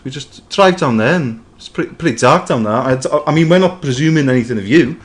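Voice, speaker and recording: A man's voice: mid-range voice, expressive, fairly quick, close to an everyday voice. A man playing an overfamiliar creepy bloke. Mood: creepy friendly. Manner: overfamiliar, chummy, calls everyone mate. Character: creepy friendly man cruising a stranger. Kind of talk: improvised comedy sketch.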